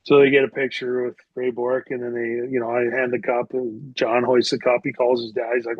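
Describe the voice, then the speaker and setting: A former hockey player in middle age, guesting on a podcast, rambles through casual anecdotes packed with filler words. His mid-range voice is level in tone and slightly rough, moving a little fast with hardly any pauses. The recording is dry, dull, and lo-fi.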